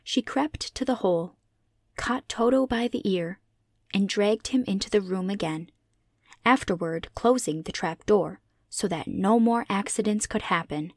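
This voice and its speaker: A woman's voice: medium pitch, no room sound, studio quality. Woman reading a classic storybook. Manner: measured, clear read-aloud delivery. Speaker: audiobook reader. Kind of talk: scripted storybook narration.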